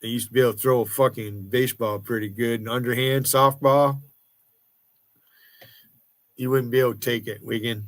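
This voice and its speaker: Pausing often, an American man in his sixties rants angrily and profanely on his livestream, confronting his audience. His mid-range voice keeps fairly even intonation at a normal speed, and the recording is dry.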